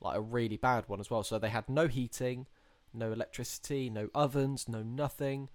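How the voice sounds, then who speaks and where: Young male podcast co-host, rambling explainer, mid-pitched, dead-dry close mic. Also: fairly even intonation, normal speed, no echo. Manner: rambling, explains at length with many fillers. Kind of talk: casual chat.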